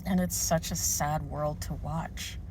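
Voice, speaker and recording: A woman's voice: low-pitched, steady tone, slow. A weary woman talking sympathetically about people working hard and barely getting by. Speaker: vlogger in a played clip. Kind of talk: reflective vlog. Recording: vehicle noise behind.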